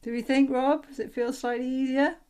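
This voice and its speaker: A woman, a voice coach calmly and encouragingly leading a group through relaxation exercises on a video call. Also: high-pitched, brisk, clear, resonant tone. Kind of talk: online workshop instruction.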